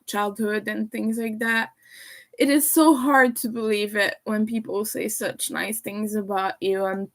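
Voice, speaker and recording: A woman's voice: mid-range voice, low-quality recording. A young woman chatting casually on a livestream, talking while she eats. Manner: chatty, talks while eating. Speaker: livestreamer and crocheter.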